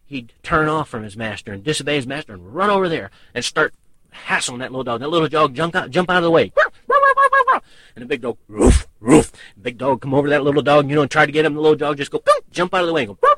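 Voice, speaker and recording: A man's voice: medium pitch, a bit bright, no room sound. A man preaching to pastors in a folksy storytelling manner, repeating his key phrases for emphasis. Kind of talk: sermon.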